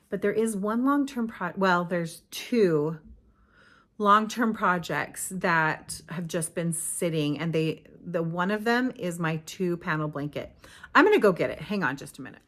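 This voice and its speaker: A woman's voice: on the low side, animated, measured pace, fairly bright tone. Chatty middle-aged woman, rambling along. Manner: chatty and rambling, with frequent self-corrections. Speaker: podcast host. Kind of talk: casual chat.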